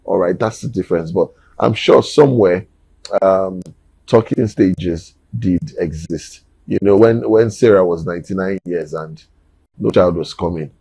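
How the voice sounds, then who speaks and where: A man's voice: sits low, measured pace, gravelly, dark tone, breathy edge, dry recording, rough recording. A man, giving an emphatic, preachy opinion monologue and repeating words for emphasis. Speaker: commentator.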